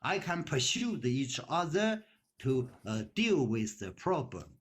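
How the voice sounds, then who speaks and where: A man in his sixties, retired, speaking simple, halting non-native English with many fillers in a casual practice conversation. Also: medium pitch, very animated.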